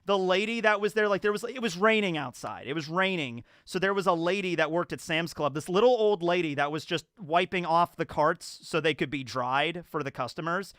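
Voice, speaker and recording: A man's voice: fairly high pitch, fairly quick, hardly any pauses, fairly bright tone, no echo, studio quality. A man hosting a video, telling stories and giving commentary in a rambling, conversational way with lots of fillers. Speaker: YouTube host. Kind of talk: casual storytelling and commentary.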